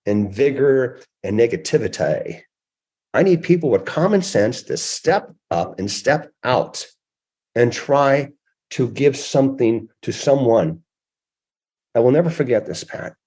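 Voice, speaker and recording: A husky-voiced man in his sixties speaks as an interview guest, telling stories with plenty of emphasis. His voice sits in a middle pitch and carries a slightly rough edge. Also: big pitch swings, a little slow, a little mellow. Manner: emphatic, acts out quoted voices. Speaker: guest author. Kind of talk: animated storytelling interview.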